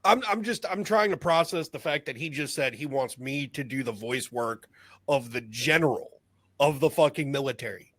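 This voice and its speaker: A man's voice: mid-range voice, moderate pace, a bit bright, no room sound. A man co-hosting a casual podcast, blunt and sarcastic, swearing freely.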